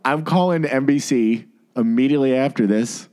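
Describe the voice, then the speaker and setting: A man's voice: medium pitch, normal speed, a little mellow, smooth. A man, co-hosting a podcast and ranting heatedly with lots of swearing. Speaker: podcast co-host.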